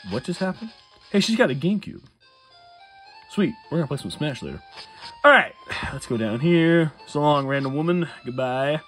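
A man's voice: on the high side, expressive, moderate pace, pauses often, fairly bright tone, soft background music. A man giving casual let's-play commentary late at night, tired, rambling and chuckling at his own jokes. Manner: rambling, self-amused, chuckles often. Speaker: gamer playing a Nuzlocke run.

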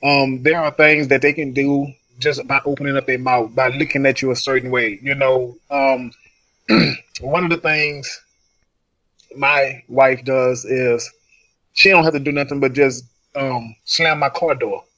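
A man's voice: medium pitch, steady tone, a little slow, pushed and bright. A man co-hosting a podcast in casual chat, speaking in an earnest, emphatic way. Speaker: podcast co-host. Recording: dull, dry lo-fi audio.

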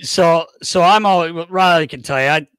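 A man hosting a podcast, telling a long, profane, animated story in a casual chat. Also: on the high side, moderate pace, clear, resonant tone, no echo. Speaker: podcast host.

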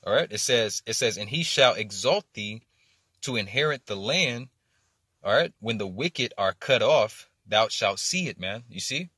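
A man's voice: on the low side, animated, a little slow, sharp tone, breathy edge, no echo. A man teaching from scripture in an informal, rambling way, ending nearly every phrase with "man" or "you see" and stumbling over repeated words and fillers. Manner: swears casually in teaching. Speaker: street preacher.

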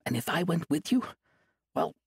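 A man's voice: fairly high pitch, sing-song, moderate pace, vocal fry, husky, no room sound, studio quality, pitched above the performer's own voice, exaggerated voice. A man voicing a remorseful young male monk who speaks earnestly and in pain in an audiobook. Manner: earnest, pained, confessional. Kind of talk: audiobook character voice.

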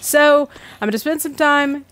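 A woman's voice: high-pitched, moderate pace, fairly bright tone. A woman hosting a gaming let's play, chatting casually and self-deprecatingly as she plays, laughing often. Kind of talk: casual gameplay commentary.

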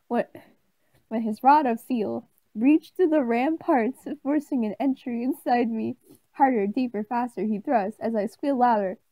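A woman reading a story aloud in a deadpan way. She stumbles over words and breaks off to swear and make snide asides. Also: on the high side, dry recording, rough recording. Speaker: channel host reading aloud. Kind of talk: mock dramatic reading of a story.

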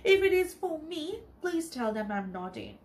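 A fretful, exasperated male mouse newspaper editor from a children's storybook, forever at the end of his rope, read aloud by a woman. The voice is fairly high, and the pitch swings widely. The lines come out slowly. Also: big pitch swings, reverberant, a little hiss or hum. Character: fussy, easily flustered male mouse editor.

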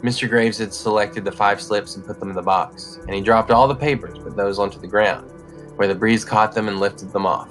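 A man reads a short story aloud in a measured, even storytelling manner. His voice sits on the low side. Faint music plays beneath. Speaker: narrator. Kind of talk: story reading.

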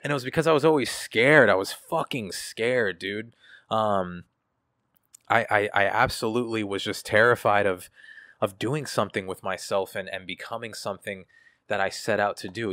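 A man's voice: fairly low pitch, steady tone, moderate pace, a bit bright, no room sound, clean studio sound. A man, a guest artist in an interview, talking candidly in a casual, profane and reflective way, with many fillers.

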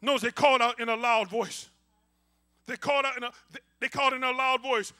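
A male pastor preaching a call-and-response sermon, swinging from quiet asides to shouting and talking to the congregation informally. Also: extremely high pitch, fairly even intonation, fairly quick. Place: church.

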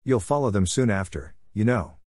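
A man voicing a scheming, silver-tongued male warlord in an audiobook, smooth and sarcastic with bursts of fury. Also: lowish voice, expressive, moderate pace, darkish tone, no echo, clean studio sound. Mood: scornful. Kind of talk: audiobook character voice.

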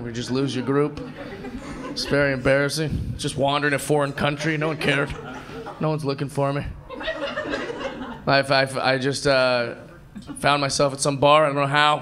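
A man in his thirties doing energetic stand-up comedy on a club stage with a handheld mic, often acting out other people in voices. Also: mid-range voice, a little fast. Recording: live club recording with crowd laughter. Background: audience laughter.

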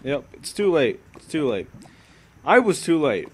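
A young man giving crude, joking commentary while playing a game, swinging from muttered asides to sudden yells. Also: on the high side, sing-song, unhurried, slight background noise. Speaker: gaming video creator.

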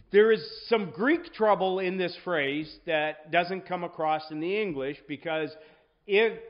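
Man, high voice, Sunday school teacher, chatty Bible lesson, keeps asking "right?", dull lo-fi sound. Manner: conversational, checks in with "right?".

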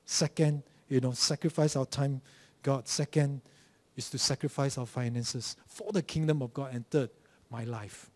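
This is a Malaysian-accented pastor delivering a sermon full of stories and mocking impressions that lead into a direct challenge. His mid-range voice holds fairly even intonation at a normal speed.

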